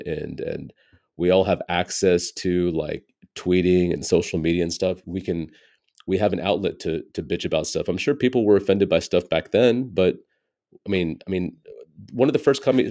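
A low-pitched, dark-toned voice belongs to an American stand-up comedian in his forties, a guest in a casual interview. He tells candid stories reflectively and keeps saying "you know."

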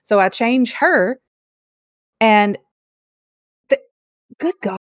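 A woman's voice: fairly high pitch, animated, extremely slow, dry recording, clean studio sound. A young woman co-hosting a podcast, chatting casually and telling a self-deprecating story. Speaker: podcast co-host.

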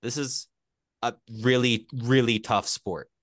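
A man's voice: medium pitch, slow pace, fairly bright tone, no echo, clean studio sound. A man co-hosting a hockey podcast, steering the casual chat and putting questions to the others. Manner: leads the discussion, asks the others questions. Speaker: podcast co-host.

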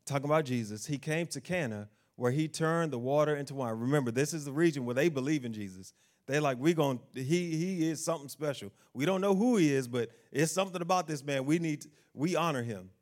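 A man's voice: a little high, brisk. A man preaching a sermon, asking the congregation questions and acting out the figures of the Bible story in quotes.

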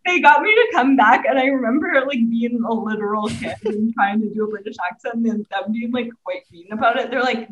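A woman from Canada co-hosting a podcast, telling childhood stories in an animated, giggly way. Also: on the high side, fairly quick, hardly any pauses, a little hiss or hum, rough recording. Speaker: podcast co-host. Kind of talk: casual chat.

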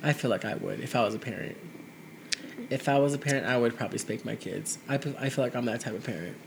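A man co-hosting a casual podcast chat, excitable and rambling, with playful asides. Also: medium pitch, fast talker, creaky, a little hiss or hum. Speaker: podcast co-host.

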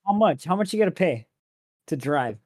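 Higher-voiced young man, casual and reactive. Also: expressive, normal speed, dry recording, studio quality. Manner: reactive, profane, says "bro" and "man". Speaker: podcast co-host. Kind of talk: casual chat. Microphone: podcast microphone.

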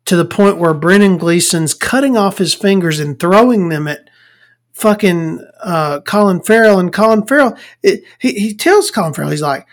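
Rambling, cursing woman podcast host. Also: lowish voice. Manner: rambling and profane, stumbling over words. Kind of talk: casual rambling monologue.

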